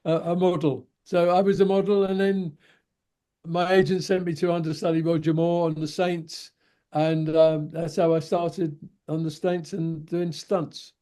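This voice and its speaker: An older Cockney man, a guest on a video call, unspools a long anecdote in a fairly high but mellow, warm voice. He wanders and circles back as he talks, slipping into the voices of the people in his story. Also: little pitch movement, unhurried. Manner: rambling yarn-spinner, acts out the people he quotes. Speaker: guest, veteran stuntman.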